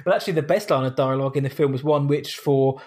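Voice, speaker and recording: A man's voice: mid-range voice, quick pace, background noise. A man co-hosting a podcast, rambling through a film's plot with wry asides. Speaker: podcast co-host. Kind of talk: casual film review chat.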